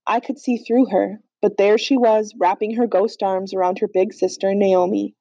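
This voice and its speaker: A woman reads a fan audiobook with steady, earnest narration. Her voice is mellow and sits in a dry space, with slightly dull, lo-fi audio. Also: medium pitch, measured pace, dry recording. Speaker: audiobook reader. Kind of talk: storybook narration.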